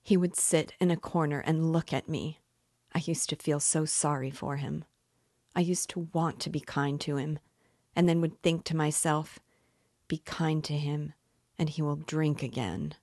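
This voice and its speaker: A woman's voice: low voice, steady tone, unhurried, a little mellow, dry recording, clean studio sound. A woman voicing a proud, bitter, impoverished widow who plays hostess, speaking in a haughty, indignant manner while reading a novel aloud. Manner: haughty and indignant, raising her voice.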